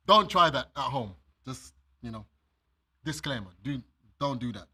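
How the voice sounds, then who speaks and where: A man's voice: medium pitch, expressive, slow pace, long pauses, sharp tone, slightly rough. A man preaching a sermon. He reads scripture aloud, explains it, and speaks straight to his listeners with everyday examples. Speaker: minister.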